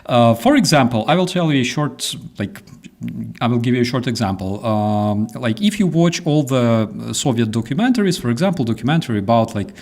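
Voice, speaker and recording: A man hosts a relaxed chat, talking in animated quick bursts with plenty of swearing. His voice sits at a middle pitch. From Ukraine. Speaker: host. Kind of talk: casual chat.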